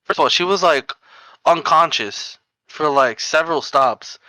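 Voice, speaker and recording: A young man from New York tells rambling street stories on a casual podcast. His voice is bright and forward, and he fills his speech with "like" and "bro". The sound is close and dry. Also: a little high, measured pace, dry recording, rough recording. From New York area. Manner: rambling, laughing anecdotes full of "like" and "bro". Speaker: podcast co-host. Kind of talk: casual storytelling chat.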